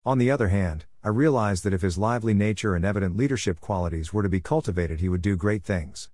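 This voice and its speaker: A man reads aloud in a steady, formal audiobook narration. His voice sits fairly low, and the sound is close and dry with no room around it. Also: no echo. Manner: measured, steady, formal reading. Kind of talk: audiobook reading of a religious biography.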